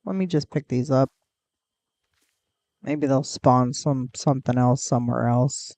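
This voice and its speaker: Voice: mid-range voice, expressive, a little slow, darkish tone, no echo. A game streamer in casual gameplay commentary, chatty and rambling, cooing at pets in the game, close to a desk mic.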